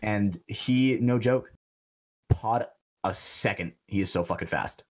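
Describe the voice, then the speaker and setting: A man's voice: fairly low pitch, takes it slowly. A young man co-hosting a podcast, telling stories in a loose, profane, casual way and laughing often. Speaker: podcast co-host. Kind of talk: casual chat.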